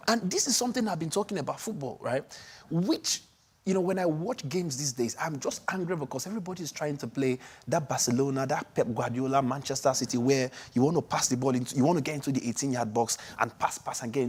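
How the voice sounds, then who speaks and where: Excitable husky man from Nigeria. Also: fairly high pitch, brisk. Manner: animated, excitable, frequent restarts and fillers. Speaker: sports show co-host. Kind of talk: casual sports chat.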